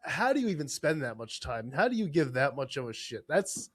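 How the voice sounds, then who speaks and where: A man's voice: on the high side, very animated, a little fast, fairly bright tone. A man hosting a podcast in casual chat, reacting with lots of laughter and swearing. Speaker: podcast host.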